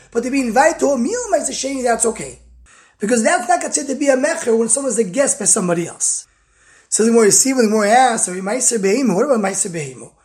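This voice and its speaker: A woman's voice: fairly high pitch, a little mellow. A woman teaching a text study lesson. She reads short phrases of the original text and explains each one in plain English, talking in short bursts with small restarts. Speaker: Talmud teacher.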